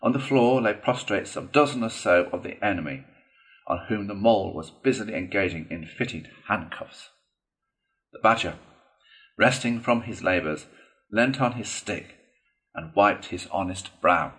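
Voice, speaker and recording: A man reads a classic storybook aloud with a somewhat low voice. His narration is expressive and steady, shaping each scene for the listener. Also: normal speed. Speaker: audiobook reader.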